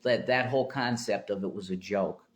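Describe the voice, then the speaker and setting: A man ranting to his live stream chat, swearing and getting worked up, his pitch jumping high when angry. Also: moderate pace. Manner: worked-up, swearing, rising to near shouts.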